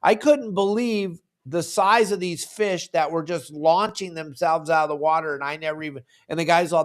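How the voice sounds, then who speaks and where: A man's voice: a little high, normal speed, hardly any pauses. A man hosting a fishing podcast, telling stories on himself in an easygoing, self-mocking way. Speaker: podcast host. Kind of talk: casual fishing chat.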